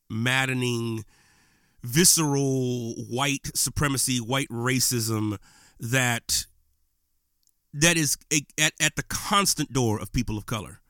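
A man's voice: medium pitch, sharp tone, smooth, no room sound, studio quality. A man hosting his own podcast, talking in an impassioned, preachy and slangy way in a casual monologue. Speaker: podcast host. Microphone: podcast microphone.

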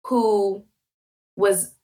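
A woman's voice: mid-range voice, fairly even intonation, extremely slow, mellow. A woman speaking as a podcast guest, passionate and emphatic, building her points with rhetorical questions. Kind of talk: conversational interview.

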